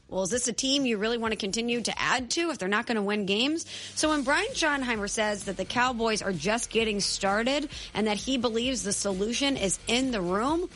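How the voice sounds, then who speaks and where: A woman's voice: fairly high pitch, lively intonation, fairly quick, few pauses, a bit bright. A woman co-hosting a sports talk show, making skeptical, punchy arguments. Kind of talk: sports debate chat.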